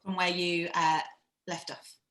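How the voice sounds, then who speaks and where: A woman's voice: fairly low pitch, level tone, a little slow, fairly bright tone, reverberant, slight background noise, low-quality recording. A woman leading a live-streamed acting workshop, coaching in a chatty, encouraging way with plenty of ums, over a video call.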